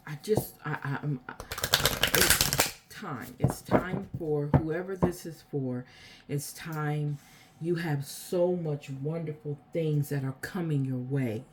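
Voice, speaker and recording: A woman giving a spiritual oracle card reading to her viewers, repeating phrases in a soft, unhurried way. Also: low voice, a little hiss or hum.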